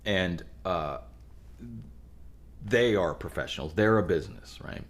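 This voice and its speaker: A man from the Pittsburgh area, a musician guest on a podcast, telling band stories in an animated, rambling way with frequent restarts. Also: deep voice, measured pace. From Pittsburgh area, USA. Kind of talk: casual chat.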